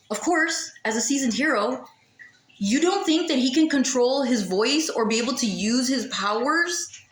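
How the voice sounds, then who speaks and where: A woman with a fairly high voice, ranting in a loose, sarcastic way and cursing freely as her frustration shows. The sound comes from a camera mic in a room with a noticeable echo. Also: fairly bright tone. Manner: sarcastic, exasperated, swears freely. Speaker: vlogger. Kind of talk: casual rant.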